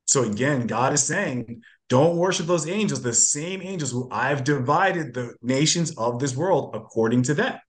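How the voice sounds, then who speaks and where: A man's voice: mid-range voice, lively intonation, normal speed, hardly any pauses. A male guest author explaining in casual talk, with plenty of fillers and restarts. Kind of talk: casual chat.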